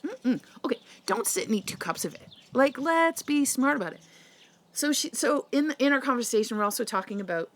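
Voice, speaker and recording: A woman's voice: sits high, expressive, a little fast. A woman from Canada, a health and nutrition coach, talking straight to her viewers in a passionate, rambling way full of rhetorical questions. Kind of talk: casual direct-to-camera monologue.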